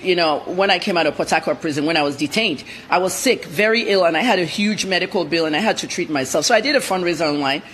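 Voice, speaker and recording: A woman journalist from Nigeria, a guest on a TV interview, telling her story in a blunt, rapid-fire way. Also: lowish voice, a bit bright, slight background noise. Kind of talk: TV interview commentary.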